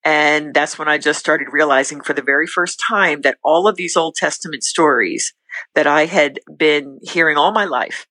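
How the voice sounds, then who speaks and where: Bright-voiced middle-aged woman, earnest. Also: deep voice, dry recording, low-quality recording. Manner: earnest, faith-filled, talks in quick bursts with restarts. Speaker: podcast guest. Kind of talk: candid personal testimony.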